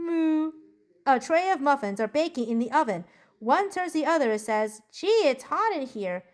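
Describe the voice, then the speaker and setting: A woman's voice: high-pitched, animated, moderate pace. A woman voicing a cheerful, bookish preteen girl in a journal-style character monologue, bubbly and giggly as she tells jokes. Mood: cheerful joking. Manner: bubbly, giggly joke-telling.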